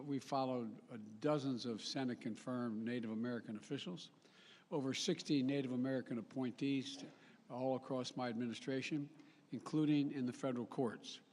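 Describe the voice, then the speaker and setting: An older man giving a formal public speech with folksy asides, often halting and correcting himself mid-sentence. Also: medium pitch, darkish tone. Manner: halting, with frequent restarts and self-corrections. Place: large summit venue. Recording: long reverb of a big hall.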